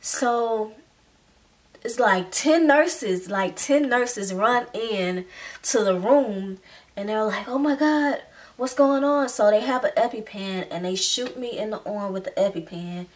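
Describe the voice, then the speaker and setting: A woman's voice: mid-range voice, unhurried. A young woman telling a personal story in a casual, chatty way, with many filler words. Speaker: vlogger. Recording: slightly distant mic.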